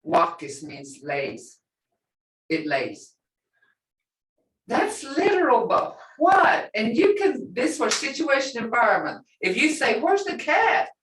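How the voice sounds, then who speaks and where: A woman teaching a language class, animated, acting out reactions and laughing often. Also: fairly high pitch, slow pace, a little hiss or hum. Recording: roomy classroom sound from far off.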